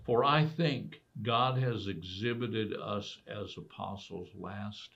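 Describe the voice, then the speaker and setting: Slow gravelly-voiced male preacher. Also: on the low side, a bit bright. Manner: emphatic preaching with rhetorical questions. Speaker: pastor. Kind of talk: sermon. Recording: dull lo-fi recording.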